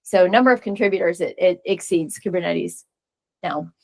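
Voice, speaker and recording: A woman's voice: on the low side, moderate pace, gravelly, dry recording. Chatty woman giving a tech talk. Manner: casual, chatty, frequent fillers and restarts. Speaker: conference speaker. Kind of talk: technical presentation. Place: meeting room.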